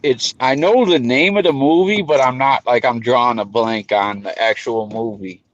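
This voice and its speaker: A man's voice: medium pitch, moderate pace, no room sound, muffled recording. A man hosting a casual live stream, easygoing and chatty. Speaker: stream host.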